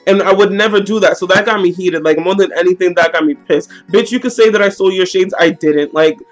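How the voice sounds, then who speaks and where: A woman's voice: on the low side, fast talker, highs cut off, faint music behind. A young woman telling a heated, slangy story in a storytime vlog. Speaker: vlogger.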